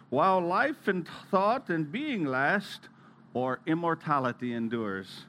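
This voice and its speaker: A man preacher giving a slow, reverent devotional reading with brief asides. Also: high-pitched, a bit bright, slight background noise.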